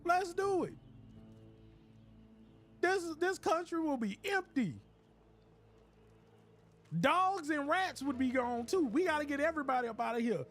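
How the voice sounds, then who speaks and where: A man streaming a game, riffing in a joking, animated rant with laughs. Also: extremely high pitch, measured pace, long pauses, faint music behind. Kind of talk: casual comedic commentary while gaming.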